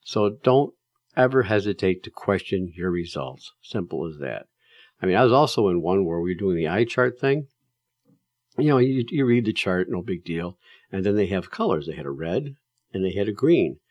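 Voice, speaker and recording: A man's voice: low voice, sing-song, normal speed, dry recording, muffled recording. A man giving casual, emphatic advice to drivers, telling stories in a plain-spoken way with plenty of fillers.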